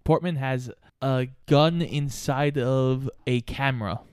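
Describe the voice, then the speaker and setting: A man's voice: medium pitch, takes it slowly, smooth, no echo, studio quality. A man co-hosting a casual movie recap podcast, dryly jumping in with the next plot beats. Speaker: podcast co-host.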